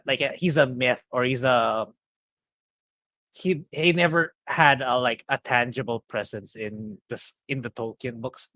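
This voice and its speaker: A man's voice: medium pitch, a bit bright, no room sound. A man co-hosting a casual podcast, stammering through his thoughts and breaking into giggles. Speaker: podcast co-host. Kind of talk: casual chat.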